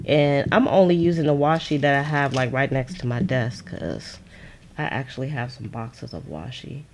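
A low-pitched woman chats away as she crafts at her desk. Her talk is loose and playful, and she often laughs and answers viewers. A faint hiss sits under the recording. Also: moderate pace. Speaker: crafting channel host. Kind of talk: casual crafting livestream chat.

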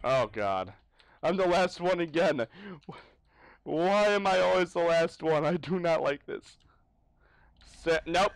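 A man playing a horror game, commentating in panicky yells and laughter, pleading with the monster as it chases him. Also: fairly high pitch, lively intonation, a little slow, creaky, no echo. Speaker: gaming YouTuber. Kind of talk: let's play commentary.

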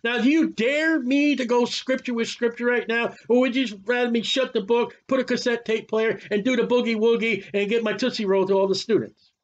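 High-voiced fiery preacher man. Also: fairly quick, few pauses. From United States. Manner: animated, sarcastic, preachy. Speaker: Bible teacher. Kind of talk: fiery Bible study sermon. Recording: muffled lo-fi recording.

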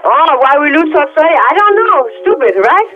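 A woman answering the phone at work, polite but brisk and impatient. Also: very high-pitched, expressive, noisy background. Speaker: restaurant staff answering the phone. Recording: muffled phone line with crowd behind.

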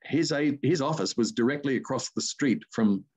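A man's voice: medium pitch, normal speed, husky. An older man with an Australian accent, a voice artist telling rambling anecdotes as an interview guest. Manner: rambling anecdotes with lively asides. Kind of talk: casual interview storytelling.

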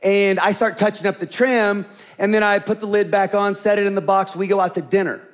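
A man, a senior pastor, preaching a sermon in an animated storytelling manner, often dropping to a hushed, slow voice for emphasis. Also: high voice.

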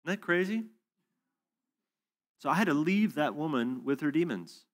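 A man preaching at a conference session, telling a story in an animated way and acting out both sides of a conversation. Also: on the high side, normal speed. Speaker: conference speaker. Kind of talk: storytelling sermon. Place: church hall or conference room.

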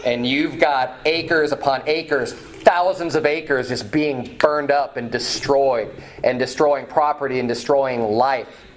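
A pastor preaching a sermon in church, reading scripture aloud with some restarts and fillers. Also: male voice, mid-range voice, steady tone, slow. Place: church sanctuary.

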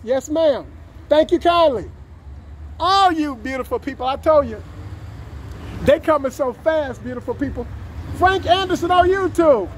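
A man vlogging outdoors on a city street, greeting passing drivers and strangers with effusive, warm words and frequent laughter, repeating his catchphrases. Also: extremely high pitch, animated, unhurried, long pauses, a little hiss or hum. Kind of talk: upbeat street vlog. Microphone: camera he films himself with.

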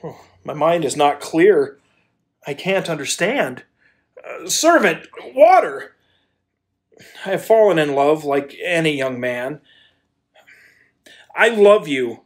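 A man's voice: a little high, lively intonation, slow, pauses often. A man playing a blustering lovestruck landowner. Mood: pleading. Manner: stammering, then bursts into shouted pleas. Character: blustering landowner, hot-tempered then lovestruck. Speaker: actor in a community audio play. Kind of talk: amateur radio play acting.

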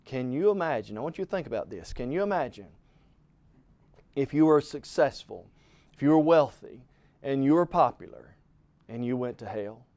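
A man's voice: medium pitch, animated, moderate pace, pauses often, darkish tone, no room sound. A middle-aged man preaching a televised Bible lesson in an earnest, emphatic way, calling the listener "friend" and swelling in volume.

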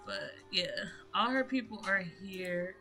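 A woman's voice: mid-range voice, lively intonation, unhurried, bright, forceful tone. A woman giving casual, chatty gameplay commentary in slangy speech, addressing her viewers directly. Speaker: gaming YouTuber. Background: music.

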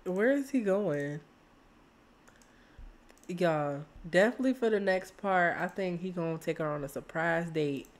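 Woman streamer, unhurried, chatty, excitable let's-play commentary. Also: fairly low pitch. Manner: chatty, excitable, talks to viewers as "y'all". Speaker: gaming streamer.

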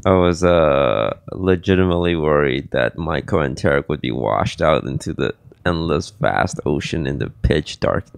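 A tired, groggy man co-hosting a casual podcast chat with a dry, deadpan delivery. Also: rumbling low, normal speed, vocal fry, hardly any pauses, clear, resonant tone, dry recording. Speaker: podcast co-host.

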